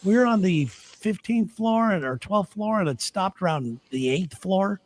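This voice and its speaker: A man's voice: sits high, expressive, measured pace, darkish tone. A man telling a rambling, laughing story in casual chat on a podcast. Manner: rambling, laughing anecdotes with restarts. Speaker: podcast host.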